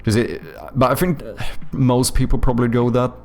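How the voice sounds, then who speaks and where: A man's voice: medium pitch, flat delivery, darkish tone, soft background music. A man with a Swedish accent, a streamer and game developer chatting casually and thinking aloud, often stopping to correct himself. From Sweden. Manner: halting, self-correcting, thinks aloud while answering chat. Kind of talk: casual live-stream chat.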